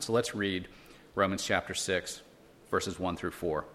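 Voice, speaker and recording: A man's voice: low voice, unhurried, a bit bright. A man teaching a church Bible lesson, earnest and explanatory, using rhetorical questions and frequent restarts.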